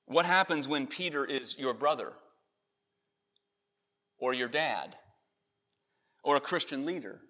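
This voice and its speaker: A man preaching a sermon, earnest, rising in emphasis on key points and then softening. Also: medium pitch, lively intonation, takes it slowly, pauses often. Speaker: pastor. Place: church in Connecticut.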